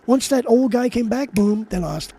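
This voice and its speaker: A man's voice: very high voice, expressive, normal speed, warm tone, slightly rough. A man streaming live, ranting in a heated, profane, rambling way to his chat. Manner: rambling with frequent restarts. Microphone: desk mic while gaming.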